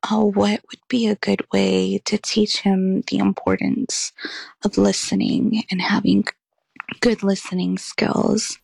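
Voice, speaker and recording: A woman calling in to ask for parenting advice, putting her question slowly and haltingly, with a raspy voice. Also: medium pitch, level tone, a little mellow, no echo. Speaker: caller, parent asking for advice. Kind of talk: asking a question on a call-in show.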